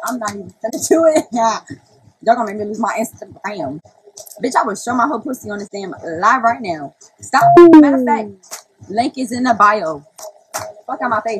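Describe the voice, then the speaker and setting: A woman's voice: a little high, a bit bright, slight background noise, poor audio. Brash, profane young woman livestreaming. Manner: brash, profane, laughing often. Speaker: live streamer. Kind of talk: casual livestream chat to viewers. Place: indoors on a live stream.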